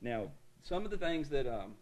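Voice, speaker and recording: A man's voice: fairly high pitch, sing-song, normal speed. Emphatic preacher man reading scripture. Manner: emphatic preaching that turns to a quieter, explanatory lecture tone; asks the congregation for an amen. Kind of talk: sermon with scripture reading and teaching. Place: church congregation.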